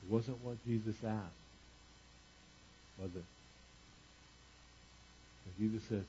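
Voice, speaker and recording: A man preaching a sermon, retelling a scripture story in casual everyday paraphrase, swinging between loud emphasis and quiet asides. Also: on the low side, steady tone, slow, long pauses, highs cut off, a little hiss or hum. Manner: conversational, retells scripture in casual paraphrase, varies loudness widely. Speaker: pastor.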